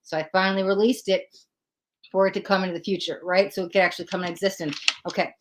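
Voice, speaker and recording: A woman's voice: medium pitch, fast. A young woman hosting a live tarot stream, talking earnestly and with lots of feeling to her chat about letting go of control. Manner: earnest and animated, acts out her own panicked thoughts. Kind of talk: casual spiritual talk to a live chat.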